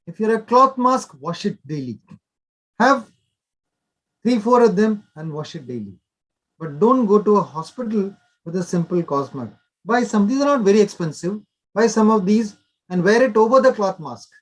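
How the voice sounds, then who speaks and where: Older male doctor, high voice. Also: expressive, normal speed. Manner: instructive, short repeated directives. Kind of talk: explanatory interview talk.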